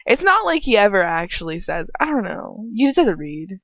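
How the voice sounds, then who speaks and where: A woman's voice: medium pitch, sing-song, a little fast, a bit bright, dry recording, highs cut off. A teenage girl reading aloud and chatting between passages, giggly, rambling and swearing. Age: teens. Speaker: audiobook reader. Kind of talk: casual chat and reading aloud.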